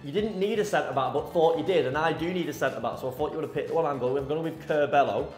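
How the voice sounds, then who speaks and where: A man's voice: on the high side, racing, soft background music. A young man playing a football video game, chatty and a little smug with his friends. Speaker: gaming video presenter. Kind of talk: casual banter over video games. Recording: echoey room.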